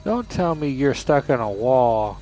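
A young man giving casual commentary while playing a video game, excitable and cursing, often shouting at the game. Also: medium pitch, a little slow, faint music behind. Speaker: gamer.

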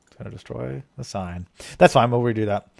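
Brisk and medium-pitched with vocal fry, a man from Australia talks through a live game stream. He thanks viewers for donations and rambles on, thinking out loud as he plays.

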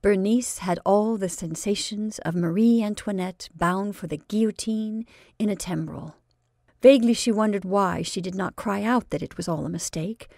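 A woman reading a classic short story aloud in a measured, expressive narration. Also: mid-range voice, creaky, dry recording, clean studio sound.

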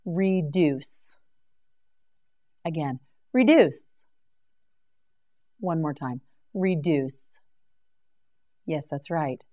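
Very slow, deliberate woman teacher. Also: sits low, expressive, mellow. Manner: slow, carefully articulated, repeats words for practice. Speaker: English vocabulary teacher. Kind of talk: slow scripted vocabulary drill.

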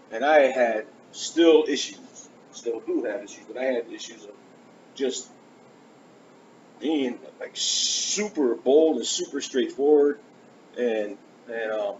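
A man with a mid-range voice preaches slowly, telling his own testimony earnestly. His storytelling sermon is animated, with conversations acted out along the way. Faint hiss runs under the dull, lo-fi church recording.

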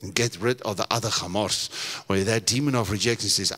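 A pastor preaching a sermon in church, animated, putting on voices and asking his congregation questions. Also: lowish voice, normal speed. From South Africa. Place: church hall.

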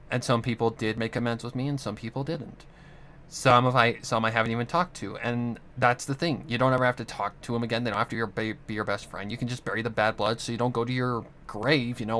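A young man in a home vlog, talking on at length in a loose, heartfelt ramble. His voice sits at an ordinary middle pitch, and he drops casual swear words along the way. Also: a bit bright. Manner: rambling, earnest, swears often. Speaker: channel host. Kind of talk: casual monologue.

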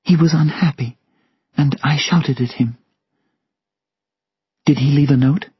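A man voicing a quiet, grieving young woman who speaks softly, near a whisper, in an audiobook story. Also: mid-range voice, expressive, fairly quick, breathy edge, highs cut off, pitched above the performer's own voice. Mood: sad, hushed. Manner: soft and whispered.

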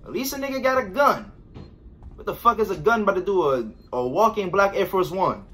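A man's voice: high-pitched, animated, a little fast, a bit bright, slight background noise. A man commenting while he plays a horror game, jumpy and swearing as he talks to himself. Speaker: gamer playing a horror game. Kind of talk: let's play commentary.

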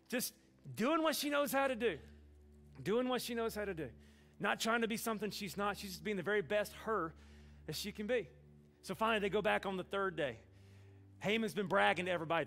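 Folksy pastor, high gravelly voice. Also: male voice, fairly quick, a bit bright. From Alabama. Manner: folksy, humorous storytelling with acted-out dialogue. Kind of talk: sermon.

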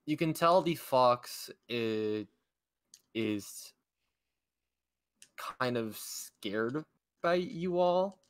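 A young man narrating as dungeon master in a casual tabletop game, pausing often with fillers. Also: mid-range voice, animated, clean tone, no echo.

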